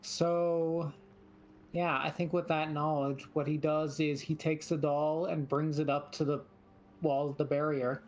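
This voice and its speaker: A man playing a tabletop game, calmly thinking out loud about his character's moves. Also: a little high, measured pace, muffled recording. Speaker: player. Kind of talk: casual game chat.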